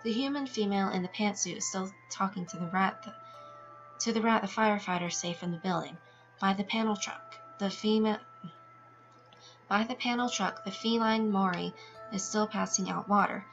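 A woman's voice: medium pitch, normal speed. A woman reading a text game aloud with her own asides, now and then tripping over words and laughing at herself. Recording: dull lo-fi sound with music behind.

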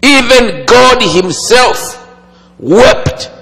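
A man preaching a sermon slowly and dramatically, with long pauses and sudden swings from loud to hushed. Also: very high-pitched, expressive, gravelly, faint music behind. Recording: long hall reverb.

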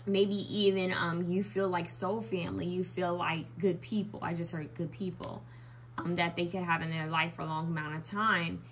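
A woman's voice: on the low side, flat delivery, moderate pace, slight background noise. A young woman giving a pick-a-card tarot reading, musing aloud with frequent restarts and ums. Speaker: tarot reader.

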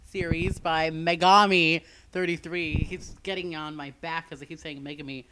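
A man's voice: fairly high pitch, steady tone, moderate pace, a little hiss or hum. Joking, rambling young man. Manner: joking, teasing, rambling with many "like"s. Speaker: co-host of fan series commentary. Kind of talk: casual commentary chat.

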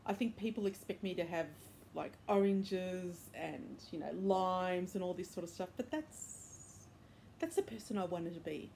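A woman's voice: lowish voice, animated, a little slow, creaky, dark tone, a little hiss or hum. A woman hosting a crochet podcast, chatting casually and enthusiastically at home, rambling with fillers and self-corrections. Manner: enthusiastic, upbeat. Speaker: crochet and knitting podcast host. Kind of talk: casual show-and-tell chat. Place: indoors at home, bedroom.

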